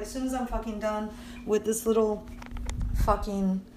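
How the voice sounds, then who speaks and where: A woman's voice: mid-range voice, fairly even intonation, normal speed, long pauses, mellow, slight background noise. Profane, rambling young woman podcaster. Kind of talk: casual rambling monologue.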